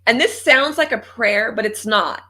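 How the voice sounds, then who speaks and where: An upbeat woman talks as a guest in a conversational interview. Her voice is bright and forward, and she laughs easily between points. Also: fairly high pitch, moderate pace. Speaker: podcast guest and coach.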